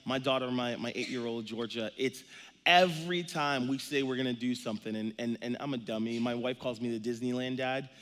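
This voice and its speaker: A man in his thirties, a pastor giving an energetic, joking sermon with many stories. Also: mid-range voice, a little fast, big-room sound.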